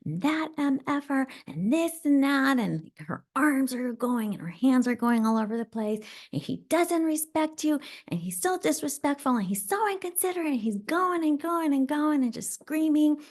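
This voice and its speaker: A woman voicing an angry, ragged teenage girl, her own younger self, who rants rapidly and indignantly. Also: sits high, lively intonation, a little mellow, pitched above the performer's own voice. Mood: furious.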